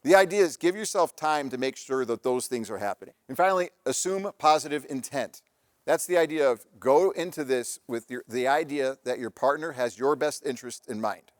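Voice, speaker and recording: A married father who presents on relationships and parenting gives a live talk, sharing anecdotes conversationally and restarting often. His medium-pitched voice has lively intonation and a slightly fast pace, recorded with studio quality and no echo.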